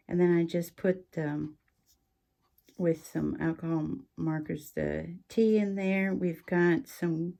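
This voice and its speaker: A woman hosting a relaxed craft show-and-tell, chatty and rambling, with frequent ums and asides. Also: fairly low pitch, gravelly. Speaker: craft channel host.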